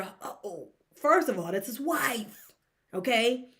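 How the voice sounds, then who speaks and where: A woman, co-hosting a casual sports gossip podcast. She talks straight to her listeners, opinionated and animated, throwing out rhetorical questions and breaking down a story point by point. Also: takes it slowly. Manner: breaks into high-pitched laughing disbelief. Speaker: podcast co-host.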